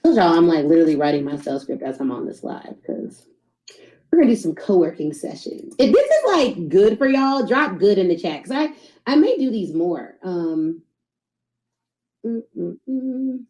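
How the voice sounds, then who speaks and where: A woman in her thirties who hosts a podcast, giving casual, animated sales coaching to her live audience. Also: lowish voice, normal speed, roomy sound, rough recording. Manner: animated, conversational, addresses audience as y'all.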